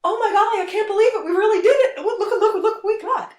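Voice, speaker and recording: A woman's voice: extremely high pitch, quick pace, voice pushed up. A woman voicing a giddy, falsely triumphant male cat burglar who gloats over stolen loot, in a roomy-sounding recording. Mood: gloating.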